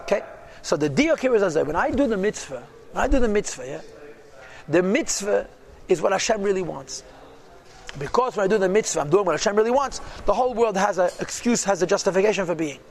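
High-voiced man teaching a text class. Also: a little fast, creaky. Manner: reads phrases aloud and translates each, then asks and answers his own questions; lively teaching with rhetorical "yeah?" and "right?". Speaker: Torah teacher. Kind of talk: text-based religious class.

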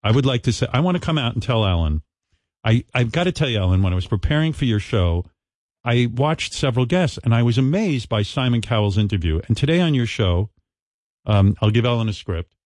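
A man's voice: mid-range voice, lively intonation, a little fast, darkish tone, no room sound. A man hosting a talk show, chatting casually and mockingly, rambling and laughing often. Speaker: radio host. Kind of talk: casual banter.

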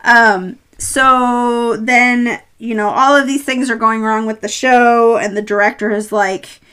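Bright, lively woman recapping a film. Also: on the high side, slow pace, smooth. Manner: animated storyteller, acts out characters' lines. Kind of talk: casual chat recapping a film.

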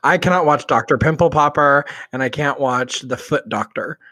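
A man co-hosting a casual podcast, animated and dramatic in his reactions. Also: fairly high pitch, no room sound. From Mexico. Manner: animated, dramatic, quick to exclaim. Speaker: podcast co-host. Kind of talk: casual chat.

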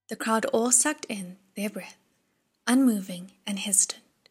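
A woman narrating an audiobook chapter in a hushed, breathy reading voice. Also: medium pitch, unhurried.

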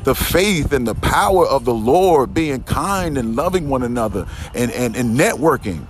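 A man's voice: mid-range voice, expressive, moderate pace, hardly any pauses, faint music behind. A man giving a rambling spiritual monologue outdoors in a garden, profane and emphatic, often restarting and repeating himself. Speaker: podcast host.

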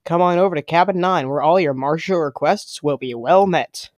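A man voicing a cheerful camper who delivers an enthusiastic sales pitch for a weapons workshop. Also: moderate pace, no echo, lightly acted. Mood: promotional. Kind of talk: mock advertisement.

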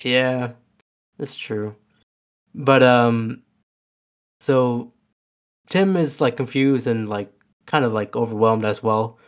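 A man's voice: medium pitch, slow pace, pauses often, clean tone. A man casually recapping a movie with a co-host, rambling with many fillers and restarts. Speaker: podcast co-host. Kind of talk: casual movie rewatch chat.

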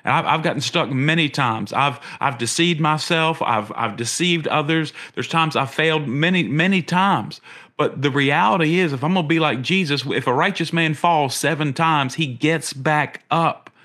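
A middle-aged man preaching a sermon as a pastor, earnest, often repeating his words and rising in pitch when he asks questions. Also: moderate pace, sharp tone.

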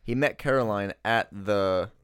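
Rambling young man, low voice. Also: unhurried, clean tone, no room sound. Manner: rambling, filler-heavy, swears. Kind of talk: casual chat. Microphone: close podcast mic.

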